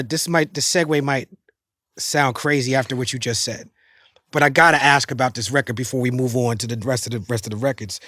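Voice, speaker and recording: A middle-aged man hosting an interview, talking fast and enthusiastically in slangy casual speech with many restarts. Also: mid-range voice, a bit bright, dry recording, clean studio sound. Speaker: podcast host.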